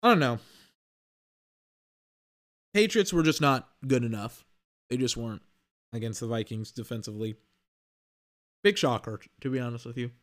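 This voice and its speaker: A man's voice: medium pitch, normal speed, pauses often, fairly bright tone. A young man hosting a sports podcast, talking in a casual, blunt monologue with exasperated, slangy rants. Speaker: podcast host.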